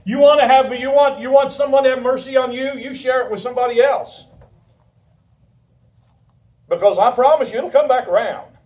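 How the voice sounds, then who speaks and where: A man preaching a sermon in a conversational, animated way, telling a personal story and laughing often. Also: very high-pitched, moderate pace, pauses often. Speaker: pastor. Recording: roomy sound from a distant mic.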